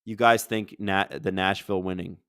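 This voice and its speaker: A man's voice: sits low, moderate pace, clear, resonant tone, dry recording, studio quality. A man hosting a live hockey watch-along, chatting casually and reading viewer questions aloud. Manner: energetic, rambling, reads chat questions aloud. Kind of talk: casual live-stream chat and game commentary.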